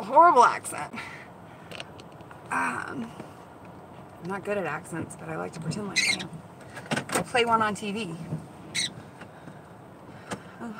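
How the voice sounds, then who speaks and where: A high-pitched woman chats excitedly to her live-stream viewers as she goes from one parking lot to the next. Her talk is casual and quick to react. Loud car and street noise runs under her phone recording. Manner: chatty and excitable, talks to viewers. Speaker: vlog host, dumpster diver. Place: outdoors around store lots and in a car.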